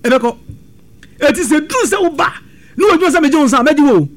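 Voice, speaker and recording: A man, a spiritual healer on a call-in show, giving his testimony and slowly repeating his phone number. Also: very high voice, big pitch swings. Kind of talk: on-air testimony and advertisement.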